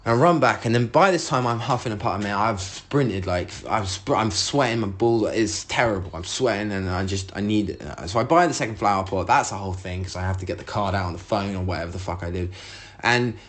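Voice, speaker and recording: A man's voice: lowish voice, a little fast, fairly bright tone. A man hosting a solo podcast, telling a rambling story with lots of swearing and acted-out outbursts of his own. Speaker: podcast host.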